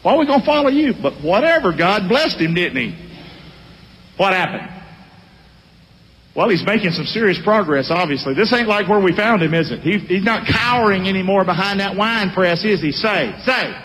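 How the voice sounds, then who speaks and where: A man's voice: high-pitched, moderate pace. A man, preaching a sermon and calling for responses from the congregation. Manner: animated, calls for responses from the congregation. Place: church sanctuary. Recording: long reverb of a large hall.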